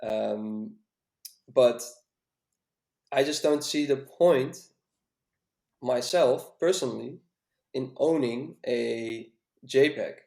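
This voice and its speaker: Music coach dude, lots of ums, echoey room sound. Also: male voice, mid-range voice, very slow, gravelly, long pauses, dark tone. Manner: hesitant, filler-heavy. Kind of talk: casual podcast chat.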